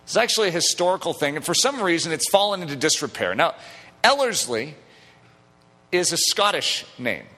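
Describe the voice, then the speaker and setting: A middle-aged male pastor preaching a lively, joking sermon in a church that turns to emphatic declarations. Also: on the high side, normal speed. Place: church sanctuary. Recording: long hall reverb.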